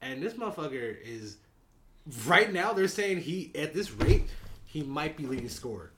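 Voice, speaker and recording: With a fairly high voice that swings widely in pitch, this podcast co-host rants about basketball at a moderate pace, swearing freely in casual sports talk. Background noise runs throughout.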